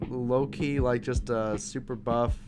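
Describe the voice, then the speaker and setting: A man co-hosting a podcast in casual chat, halting with fillers and letting his sentences trail off quietly. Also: mid-range voice, fairly even intonation, over music. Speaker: podcast co-host.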